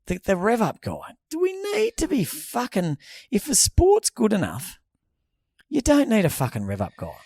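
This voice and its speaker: Gravelly, ranting Australian podcast host. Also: male voice, high voice, huge pitch swings, normal speed, darkish tone. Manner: profane, ranting storyteller. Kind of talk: casual chat.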